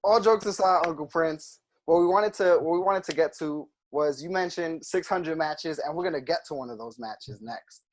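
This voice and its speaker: A man's voice: fairly high pitch, normal speed, hardly any pauses, slight background noise. A man hosting a podcast interview, friendly and joking with his guest. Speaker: podcast host. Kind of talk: casual interview chat.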